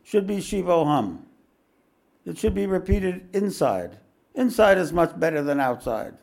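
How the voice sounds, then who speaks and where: A man voicing a terse, aphoristic old Indian guru with short, emphatic pronouncements, in a raised, louder voice. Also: high voice, animated, measured pace, vocal fry, voice pushed up, exaggerated voice.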